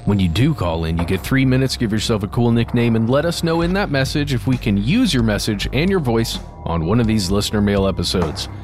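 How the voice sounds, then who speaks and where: A man's voice: on the low side, expressive, brisk, hardly any pauses, darkish tone, soft background music. A man co-hosting a podcast in casual chat, with dry joking asides. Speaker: podcast co-host.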